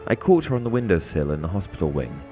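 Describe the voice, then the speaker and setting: Clever, rule-bound young witch, brisk and pleased with herself, read by a low-voiced man with a lively lilt. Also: faint music behind. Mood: smug.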